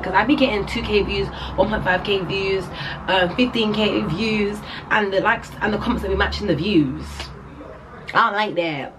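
A woman's voice: mid-range voice, noisy background. A young woman with a British accent, chatting upbeat to her viewers in a casual vlog. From England. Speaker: vlogger.

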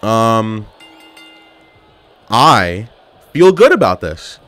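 A young man commentating his own wrestling game match with playful trash talk. His pitch swings widely as he jokes, hypes himself up and yells at the screen. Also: sing-song, extremely slow. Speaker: gaming YouTuber. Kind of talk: casual gameplay commentary.

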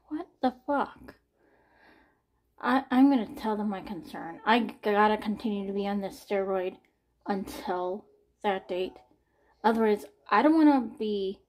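A woman in her forties talking candidly in a personal vlog. She sounds anxious and near tears, and her speech is halting, with sighs, swearing and repeated words. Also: medium pitch, a little mellow. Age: 40s. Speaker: vlogger.

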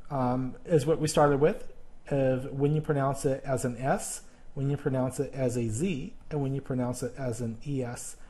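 A male teacher giving a recorded grammar lesson, speaking haltingly with many fillers and restarts. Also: mid-range voice, warm tone.

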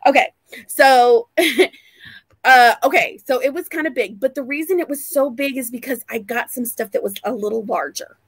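Excitable high-pitched woman vlogger. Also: moderate pace, no room sound. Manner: excitable, gushing, laughs often. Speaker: vlog host. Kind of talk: casual chat on a live vlog.

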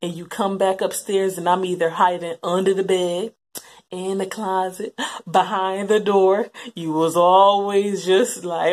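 Slow, husky-voiced woman giving testimony. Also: mid-range voice, little pitch movement, darkish tone. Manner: reflective, repeats phrases for emphasis. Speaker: interviewee recalling her brother. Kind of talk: emotional personal testimony.

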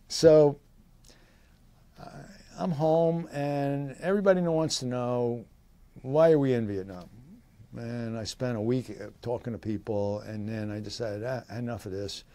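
Speaking slowly in a mellow mid-range voice, a man in his eighties shares memories of his military service in an oral history interview. He rambles with fillers and brief laughs and puts livelier tones on the people he quotes. There is no echo.

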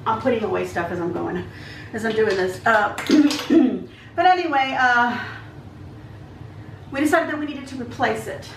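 Cooking at home, a woman vlogger spins a long, chatty tale packed with asides. Her slightly high voice is animated yet unhurried, creaky, and broken by long pauses. She's recorded from a distance in an echoey kitchen, with slight background noise.

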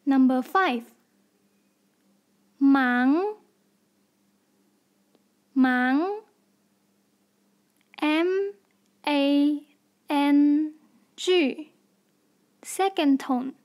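A woman with a high voice runs a slow pronunciation drill. She spells out letters one by one, carefully and deliberately, with long pauses between words. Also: darkish tone. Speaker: language teacher.

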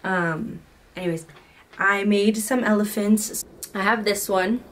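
A woman in her twenties chatting casually in a crochet vlog from her home office, gushing and excitable. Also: mid-range voice, unhurried, distant mic. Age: 20s. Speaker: crochet vlogger.

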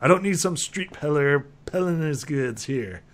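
A man doing a half-mad alchemist, cranky and paranoid, loud and high-pitched, blustering in a tabletop game. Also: expressive, normal speed, natural voice. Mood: indignant.

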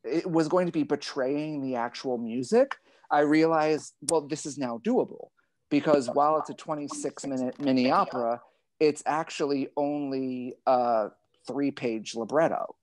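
Man, librettist type, digressive and wry on a video call; mid pitch, dry. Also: moderate pace, darkish tone, no echo. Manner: thoughtful, digressive, wry and self-deprecating. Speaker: librettist and translator. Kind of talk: casual conversation over a video call.

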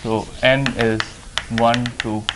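A man giving a university lecture, explaining step by step with frequent "uh" and "okay" pauses. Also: medium pitch, flat delivery, background noise. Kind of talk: classroom lecture on game theory.

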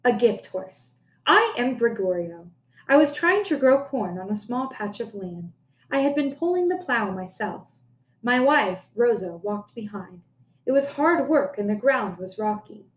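A woman teacher reading a folk tale aloud for a listening lesson, with clear, careful pacing. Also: fairly high pitch, big pitch swings, a little slow. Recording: echoey room.

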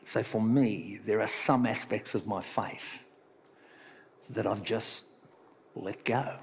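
A man preaching a sermon as pastor, talking in a relaxed, conversational way and telling a playful joke. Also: lowish voice, takes it slowly, slight background noise. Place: church hall. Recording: long reverb of a church hall.

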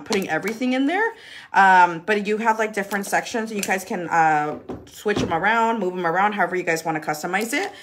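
A woman makeup influencer chatting casually through a live product demo, bubbly, laughing often, swearing playfully and filling pauses with "um". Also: mid-range voice, a bit bright, a little hiss or hum.

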